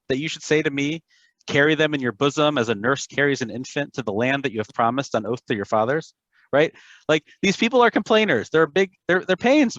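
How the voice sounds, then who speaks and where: A man's voice: fairly high pitch, fairly quick, dry recording, lo-fi sound. Man reading scripture aloud and explaining it. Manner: animated, breaks in with asides and explanations. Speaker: class facilitator.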